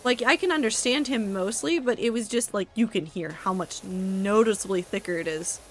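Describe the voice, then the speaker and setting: With a medium-pitched voice at normal speed, a game streamer banters wryly with her chat, tossing in asides and the occasional swear word. The audio is poor, with slight background noise.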